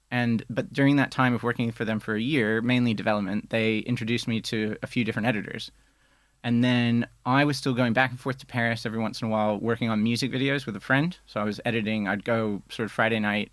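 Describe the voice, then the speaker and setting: A man's voice: fairly low pitch, quick pace, dry recording. A man, a film editor guest telling his career story in casual studio chat with fillers. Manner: relaxed storyteller, many fillers.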